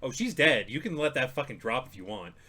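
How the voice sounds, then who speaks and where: A man's voice: mid-range voice, big pitch swings, brisk, bright, forceful tone, slightly rough. A man running a tabletop game session as dungeon master, casual and laughing, swearing freely.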